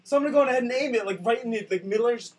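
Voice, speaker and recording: A young man telling a comic story in a sarcastic rant with bursts of shouting, recorded on a distant camera mic. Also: very high-pitched, racing. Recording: distant mic with faint noise.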